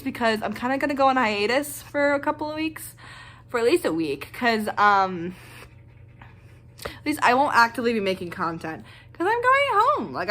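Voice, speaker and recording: A young woman with a high voice, talking straight to her viewers in a loose, rambling rant. She gushes and trails off mid-sentence, full of fillers and quick restarts. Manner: excitable, gushing, rambling with fillers. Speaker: vlogger. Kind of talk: casual reaction rant.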